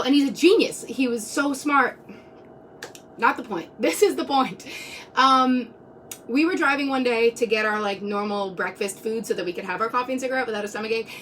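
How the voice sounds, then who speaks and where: A woman's voice: a little high, fairly bright tone, slight background noise. Twenty-something woman rambling thru a story on a live stream, lots of "like", kinda far from the phone mic. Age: 20s. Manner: rambling, many "like"s, laughs between lines. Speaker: vlogger.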